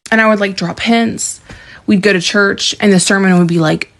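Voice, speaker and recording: A woman's voice: medium pitch, steady tone, moderate pace. A woman in her thirties talking candidly and emotionally in a confessional vlog. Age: 30s.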